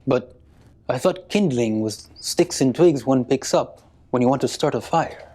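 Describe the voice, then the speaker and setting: A man in a deadpan comic interview who asks his questions with prim, formal phrasing. His voice sits in an ordinary middle pitch. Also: unhurried.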